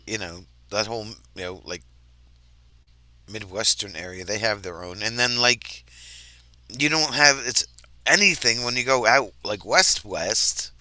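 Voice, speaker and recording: Easygoing American man with a bright voice. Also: lowish voice, measured pace, no echo. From United States, mid-Atlantic region. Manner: easygoing, rambling, laughs often. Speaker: host. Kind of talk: casual chat.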